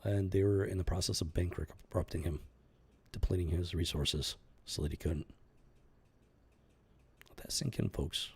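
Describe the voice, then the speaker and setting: A man with a deep, gravelly voice talks through a story in casual commentary. His tone is husky, and he circles back on his words, restarting phrases as he presses his point. He comes across earnest and unscripted. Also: fairly even intonation, unhurried, long pauses, darkish tone. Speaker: channel host commenting on a news story.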